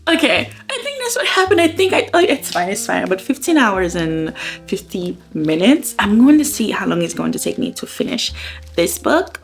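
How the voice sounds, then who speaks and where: A young woman chatting casually in a book vlog, telling stories animatedly with lots of "like" and quoting her own reactions, over soft guitar music. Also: mid-range voice, sing-song, moderate pace, gravelly. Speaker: book vlogger. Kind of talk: casual reading vlog chat.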